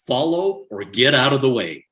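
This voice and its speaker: An older man, a podcast guest, telling stories in an animated way and laughing often as he talks. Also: medium pitch, normal speed. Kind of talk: conversational storytelling.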